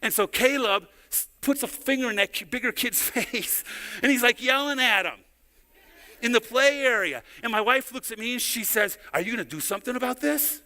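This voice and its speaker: A very high-pitched, bright, forceful voice belongs to a middle-aged male pastor preaching at normal speed in a church sanctuary. He recounts stories conversationally and often repeats words, with long hall reverb on the recording.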